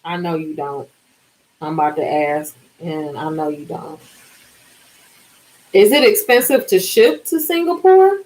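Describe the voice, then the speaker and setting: A woman in her forties hosts a relaxed live stream and chats directly with her viewers. She tells her stories in an animated way and draws out words for emphasis. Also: low voice, rough recording. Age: 40s. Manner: animated, chatty storytelling with drawn-out words. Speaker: livestream host.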